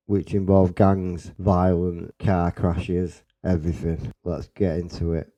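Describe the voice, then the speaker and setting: A man's voice: low voice, little pitch movement, slow pace, hardly any pauses, dark tone. A man from Salford with a Manchester accent, hosting a podcast and telling a rambling, sweary personal story in a casual way. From Salford, England. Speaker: podcast host.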